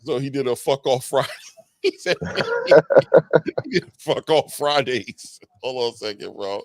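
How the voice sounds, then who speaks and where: A man hosting a casual boxing chat, excitable and slangy, laughing often. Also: mid-range voice, measured pace, no room sound. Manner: excitable, laughing, slangy, says "bro" a lot. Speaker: boxing podcast host.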